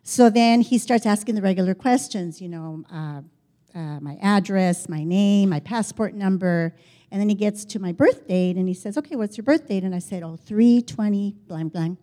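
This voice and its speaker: Mellow-voiced older woman telling a story. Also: medium pitch, moderate pace. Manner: chatty, animated, quotes dialogue, frequent restarts. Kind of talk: personal testimony storytelling.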